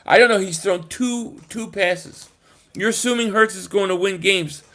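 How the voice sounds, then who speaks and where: A man hosting a casual live stream, answering chat comments in an animated, emphatic way with frequent restarts. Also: sits high, normal speed.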